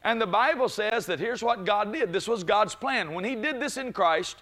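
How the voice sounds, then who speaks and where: High, bright-voiced male preacher. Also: moderate pace. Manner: swings from low teaching voice to loud exclaiming peaks; frequent "glory be to God" interjections. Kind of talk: sermon.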